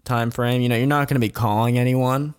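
List: man, casual storytelling, profane, chuckling, mid-pitched voice, commentary on a documentary. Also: brisk, smooth. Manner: profane, laughing, animated retelling.

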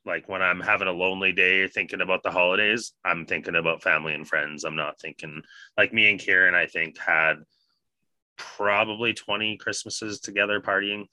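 A man casually telling a profane, animated party story with bursts of laughter. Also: low-pitched, fairly quick, dry recording.

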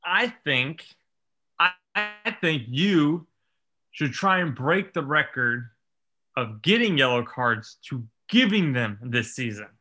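Man, casual chat, quick reactions, bright voice, a bit high. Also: expressive. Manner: reactive, short interjections and follow-up questions.

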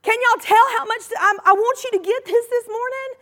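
A woman's voice: very high-pitched, fairly quick, bright, forceful tone, in a large hall. A woman with a Southern US accent preaching a sermon with passion, drawing responses from her congregation. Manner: impassioned, emphatic, repeats phrases for effect; calls out to the congregation, asks for responses.

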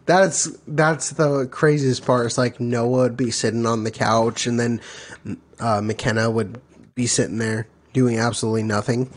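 A man's voice: mid-range voice, steady tone, normal speed. A young man co-hosting a podcast in loose, slangy casual chat, laughing often. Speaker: podcast co-host.

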